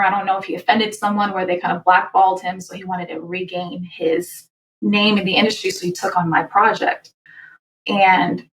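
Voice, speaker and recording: A woman guest, a singer, recounts her past in a candid, animated way, often restarting her sentences. Her voice sits in a middle range. It sounds roomy, as if she is a little back from the microphone. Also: mid-range voice, distant mic. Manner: animated, quick, with laughs and restarts. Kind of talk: candid personal storytelling.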